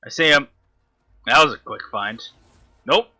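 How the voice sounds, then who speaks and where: A man's voice: medium pitch, animated, a little slow, pushed and bright. A man commentating his own gameplay, frustrated and swearing constantly at the enemy he is fighting. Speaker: gamer.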